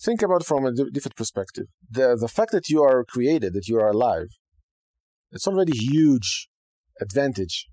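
A man's voice: medium pitch, normal speed, dry recording. Dry-voiced man teaching casually. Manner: conversational, animated, frequent okay and right asides. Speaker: podcast host teaching Judaism.

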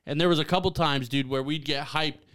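Young male podcast co-host, excitable and laughing a lot, somewhat high, smooth clear voice. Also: a little fast. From Ohio. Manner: excitable, laughs often, says dude and man a lot. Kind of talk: casual chat.

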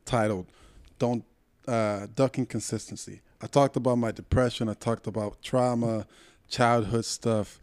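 A man's voice: mid-range voice, fairly even intonation, unhurried, darkish tone, no room sound. A young adult man from Puerto Rico, heatedly telling a long, profane story as a podcast co-host. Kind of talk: casual storytelling chat.

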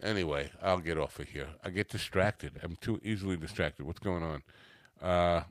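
Low-voiced rambling man, dry close sound. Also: normal speed, no room sound. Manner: rambling, self-mocking, easily distracted, swears freely. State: coming down from a cannabis edible. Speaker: podcast host. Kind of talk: casual livestream chat.

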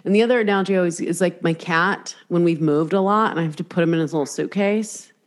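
A woman's voice: on the low side, quick pace. A woman hosting a podcast, talking casually, swearing freely and rambling through restarts while acting out voices in her stories. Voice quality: swears freely, animated storytelling with acted-out inner voices. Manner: rambling, restarts mid-sentence. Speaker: podcast host. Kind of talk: casual chat.

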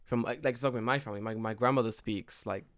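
A man's voice: medium pitch, racing, no room sound. Guy from the uk chatting, jumpy and loose, lots of stop-starts, dry close sound. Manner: animated, swearing, many restarts. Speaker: podcast co-host. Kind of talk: casual chat.

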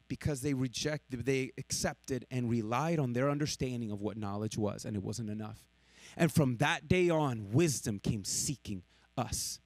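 A man preaching a sermon, swinging from loud emphatic lines to hushed, slow ones. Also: fairly high pitch, dry recording. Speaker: pastor.

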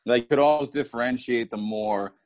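A man's voice: medium pitch, fairly quick, a little mellow, no room sound. A man co-hosting a podcast in crude casual banter, laughing often between lines. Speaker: podcast co-host.

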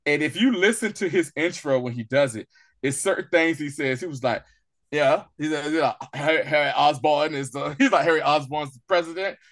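A man co-hosting a casual movie review podcast, animated and laughing often, acting out lines in high voices. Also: brisk. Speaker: podcast co-host.

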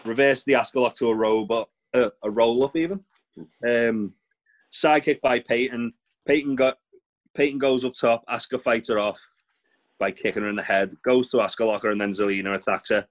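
A man's voice: medium pitch, fairly even intonation, brisk. A young man co-hosting a casual chat, recapping matches in a blunt, laid-back, sweary way. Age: young adult. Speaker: podcast co-host.

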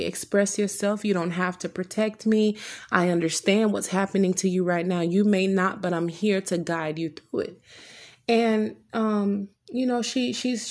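A woman earnestly telling a personal story, retelling conversations in her own words with frequent restarts. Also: fairly low pitch.

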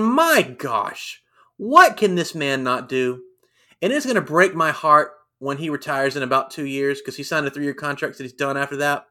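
Bright-voiced man chatting about wrestling. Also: on the high side. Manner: animated, acts out quotes in raised voices. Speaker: podcast co-host. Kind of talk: casual wrestling review chat.

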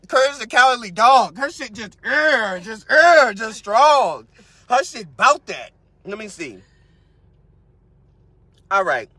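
With a very high voice and no audible room sound, a male podcast host mocks a story he's reading in crude, funny fashion. He gets loud, drops into mumbles, and keeps laughing at his own lines.

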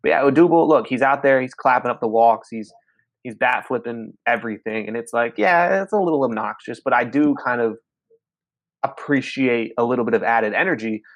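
A man hosting a casual sports podcast, talking in quick, energetic, opinionated run-on sentences. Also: medium pitch, no echo. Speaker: podcast host.

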